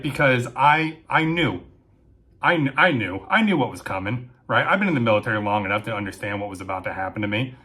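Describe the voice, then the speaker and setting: A young man telling a story in a casual, animated way. He keeps checking in with his listener through quick asides. His voice sits at a middle pitch. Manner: animated, with frequent "right?" and "okay?" tags.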